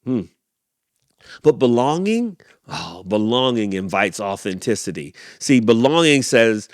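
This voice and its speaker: A man hosting a podcast, reading a picture book aloud and then talking it through in an animated way with many restarts. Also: medium pitch, unhurried, no room sound, studio quality. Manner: animated, repeats and restarts, self-coaching. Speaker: podcast host.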